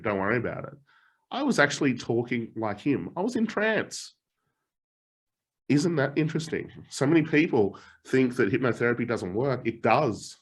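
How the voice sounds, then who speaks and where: A man's voice: mid-range voice, slightly rough. A middle-aged man coaching a live online challenge, telling personal stories with frequent laughs and casual swearing. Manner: animated storytelling, laughs often, swears casually. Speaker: motivational coach.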